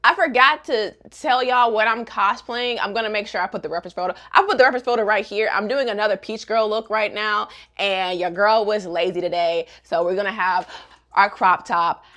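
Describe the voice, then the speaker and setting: A woman's voice: mid-range voice, brisk, bright, forceful tone. A young woman recapping a manga in casual, sassy commentary with joking asides.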